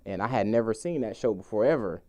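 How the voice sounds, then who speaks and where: Man guest, very deep mellow voice, relaxed and joking. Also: fast talker. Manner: laid-back, joking storyteller. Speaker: interview guest. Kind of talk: casual conversation.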